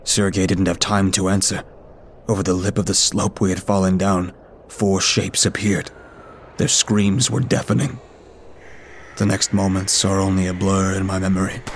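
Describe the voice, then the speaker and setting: A man reading a scripted horror story in a steady, measured way. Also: sits low, slight background noise. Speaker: story narrator.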